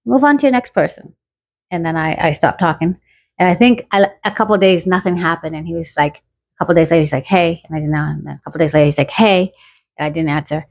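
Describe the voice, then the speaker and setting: A middle-aged woman telling a personal story in a casual, animated way and acting out the quoted dialogue. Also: deep voice, fast talker.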